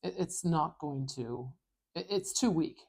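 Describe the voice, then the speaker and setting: A woman teaching pronunciation, explaining each sound clearly, precisely and with emphasis. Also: sits low, measured pace, a little mellow. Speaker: phonetics teacher. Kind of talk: tutorial lesson.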